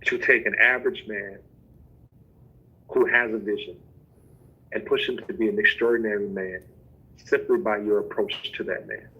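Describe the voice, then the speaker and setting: A man giving relationship advice to women in a measured, emphatic preaching style. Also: lowish voice, husky, highs cut off. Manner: measured, emphatic, building phrase by phrase. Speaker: co-host.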